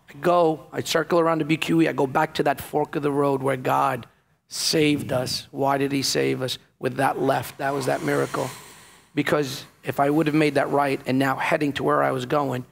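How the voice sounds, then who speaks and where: Speaking in a creaky, mid-range voice, an ex-police officer shares his personal testimony during an interview. He tells it emotionally, with plenty of fillers and acted-out dialogue.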